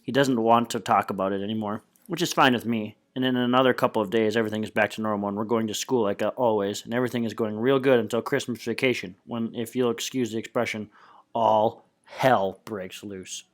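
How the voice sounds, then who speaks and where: A man's voice: on the low side, steady tone, fast talker, hardly any pauses. A man reading a novel aloud in a plain, unpolished way, with small slips and restarts. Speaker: reader.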